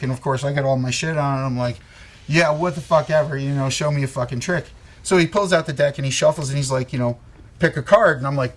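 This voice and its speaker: Male co-host on a live stream. Slightly raised pitch, tells a long story loosely and profanely. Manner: rambling, swears a lot, laughs often.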